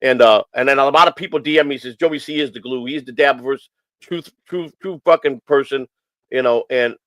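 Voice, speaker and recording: Casting note Male stream host, mid-pitched, dry close sound, rambling and heartfelt, stumbles and repeats himself. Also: brisk, fairly bright tone, no echo, poor audio. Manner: rambling, repeats phrases, many restarts; earnest and emotional. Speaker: host of a morning stream show. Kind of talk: casual rambling talk.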